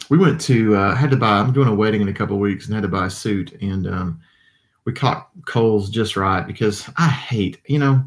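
A man's voice: on the low side, normal speed. A man, chatting casually with his livestream viewers and reading their comments, tired and yawning. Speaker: livestream host. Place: home desk with computers.

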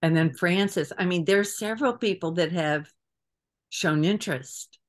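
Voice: medium pitch, normal speed. A trip organizer on a video call giving a casual meeting briefing, chatty and hesitant with frequent fillers.

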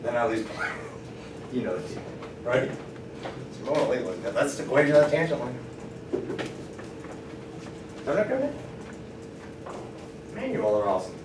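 A man teaching a math class, lively and encouraging, often asking the students questions. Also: mid-range voice, normal speed, long pauses. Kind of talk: classroom lecture. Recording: roomy classroom from far off, faint noise.

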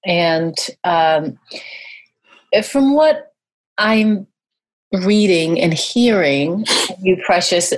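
A woman's voice: lowish voice, lively intonation, extremely slow, long pauses. A woman hosting a podcast, asking encouraging questions of her guest. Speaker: podcast host. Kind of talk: interview questions.

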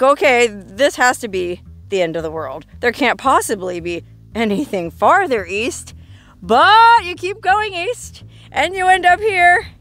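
A woman's voice: high voice, a bit bright. A woman hosting a travel vlog outdoors in the desert, telling stories in a playful, theatrical way with dramatic emphasis. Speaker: travel vlogger host.

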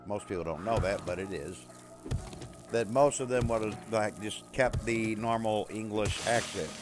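A man's voice: lowish voice, normal speed. Chatty American man gaming over music. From USA. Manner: chatty, talks to his in-game dog and teammates, bursts into loud yelling. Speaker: gamer streaming a survival game. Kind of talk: casual gameplay chat.

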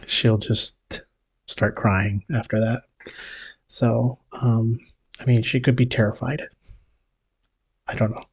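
A man giving a casual family update on his vlog, talking hesitantly with lots of pauses and restarts. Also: mid-range voice, vocal fry, a little mellow, breathy edge. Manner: hesitant, many fillers and restarts. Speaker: vlogger.

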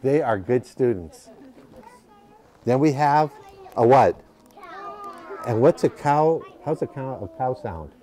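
A man's voice: medium pitch, lively intonation, slow pace, long pauses, mellow. A man reading a picture book to children at a library, patiently asking the children questions as he goes. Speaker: library storytime reader.

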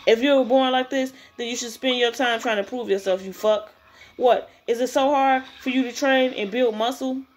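A woman voicing a domineering male high school bully who barks harsh, contemptuous orders. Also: fairly even intonation, moderate pace, lightly acted. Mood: harsh bossy.

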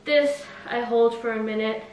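A woman's voice: fairly high pitch, steady tone, a little slow, darkish tone. A woman vlogger talking casually while demonstrating a routine, chatty and full of filler words, slightly out of breath. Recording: echoey room, faint noise.

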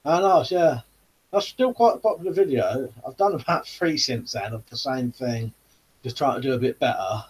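A man's voice: medium pitch, animated, moderate pace, husky. A man hosting a live chat stream, casually reading out viewer comments and answering them.

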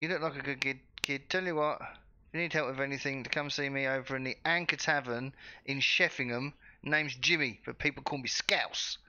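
A man's voice: medium pitch, fairly even intonation, normal speed, bright, forceful tone, lo-fi sound. A man voicing an out-of-work Liverpool scavenger who talks in a matey, wheedling way, with a Liverpool accent.

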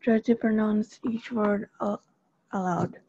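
A woman reading textbook instructions in an even, measured way. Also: mid-range voice, slightly rough, dry recording, highs cut off. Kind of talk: recorded textbook narration.

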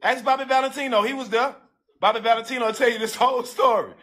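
A man's voice: extremely high pitch, steady tone, fairly bright tone. A man telling a personal story in casual, profane street slang, talking straight to his listeners and repeating himself as emotion builds. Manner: emotional, breaks into halting repeats.

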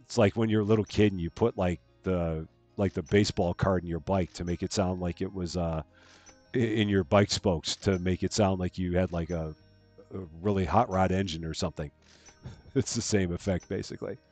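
A man hosting a gaming livestream, chatting casually and rambling while he plays, his voice jumping up high and loud when he greets viewers. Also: steady tone, moderate pace. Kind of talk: casual gameplay commentary. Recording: dry close mic with faint game music behind.

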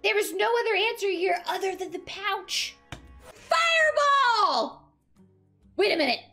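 High, bright, excitable woman streamer. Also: a little fast, soft background music. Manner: excitable, swears, talks to chat. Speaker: game streamer. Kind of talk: live gameplay commentary.

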